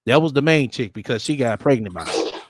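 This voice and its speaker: A man's voice: medium pitch, animated, fairly quick, slight background noise. A man hosting a show and commenting bluntly and profanely on a played video. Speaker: host reacting to a clip.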